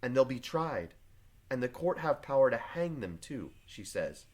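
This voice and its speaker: A man voicing Elizabeth Proctor, a reserved farm wife, read quietly and plainly from a play. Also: medium pitch, big pitch swings, a little slow. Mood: guarded. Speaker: teacher reading a play aloud. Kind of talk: reading play aloud to a class.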